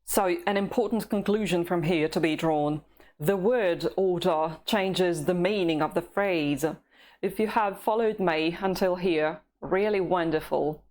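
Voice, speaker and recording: A woman teacher with a Russian accent speaks at a very slow, careful pace in a slightly low voice. She teaches patiently and pauses often so that learners can repeat after her. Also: a little mellow. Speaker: language teacher. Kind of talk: slow, clear language lesson with repeat-after-me drills.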